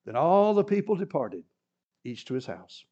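Male pastor, high and lively, animated with chuckling asides; dull lo-fi sermon recording. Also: moderate pace. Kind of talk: sermon with Bible reading.

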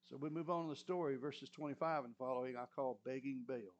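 A man preaching a sermon, retelling a scripture story in an animated way and often clearing his throat. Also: mid-range voice, a little fast. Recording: muffled lo-fi recording.

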